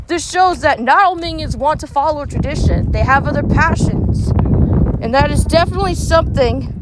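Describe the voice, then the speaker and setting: A woman's voice: high-pitched, lively intonation, normal speed. A woman gaming vlogger chatting casually and speculating aloud while she plays. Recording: loud background noise.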